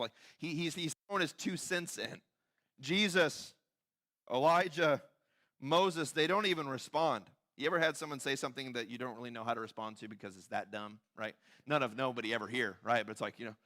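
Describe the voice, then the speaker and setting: A man delivers a sermon in a church with a bright, forceful voice pitched slightly above most men. He preaches conversationally, acting out quoted voices and sinking to quiet, intense emphasis at key points. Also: fairly quick. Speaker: pastor. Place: church sanctuary.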